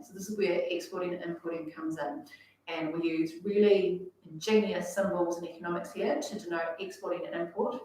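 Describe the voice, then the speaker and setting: A woman's voice: fairly low pitch, fairly even intonation, fairly quick, darkish tone. A woman explaining economics to a class in a casual, chatty way, full of fillers. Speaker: economics teacher. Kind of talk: classroom lecture. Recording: echoey room, voice from far off.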